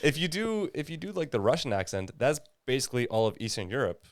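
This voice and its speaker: A young man co-hosting a casual podcast, laid-back and chiming in with quick jokes. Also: medium pitch, very animated, dry recording, clean studio sound. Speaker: podcast co-host. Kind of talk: casual chat.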